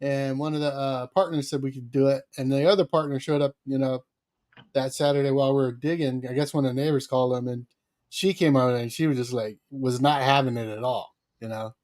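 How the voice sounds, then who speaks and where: A man's voice: mid-range voice, fairly even intonation, brisk, a little mellow. A man co-hosting a casual livestream chat, cheerfully greeting viewers by name. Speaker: livestream co-host.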